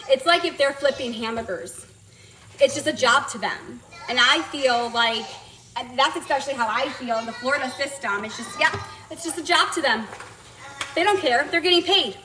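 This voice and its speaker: Woman, blunt indignant vlog rant, high pitch, swearing. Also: normal speed, noisy background. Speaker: vlogger telling a personal story. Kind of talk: emotional storytelling rant to viewers.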